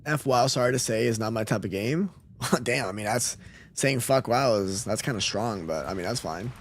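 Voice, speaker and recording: A man's voice: mid-range voice, normal speed, slight background noise. A man live-streaming a game, chatting casually with his viewers and reading out their messages with a laid-back, chuckling manner. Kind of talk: casual live-stream chat while gaming.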